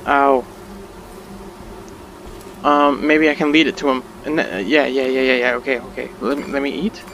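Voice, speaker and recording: A man's voice: mid-range voice, level tone, normal speed, fairly bright tone, slight background noise. A man playing a survival game, reacting aloud in panicky, exclamatory bursts and talking to himself. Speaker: gamer. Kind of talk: let's play commentary.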